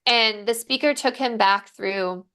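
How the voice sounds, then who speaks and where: A woman coach chatting on a podcast, telling stories in a lively way with many fillers. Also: fairly high pitch, measured pace, clean tone. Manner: lively storytelling, filler-heavy. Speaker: coach guest. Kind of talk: casual podcast conversation.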